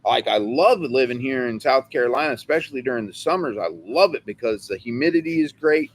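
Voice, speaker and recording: A man's voice: medium pitch, brisk. A man from California chatting on a livestream, rambling and joking as co-host. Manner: rambling, excitable, jokey. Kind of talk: casual livestream chat.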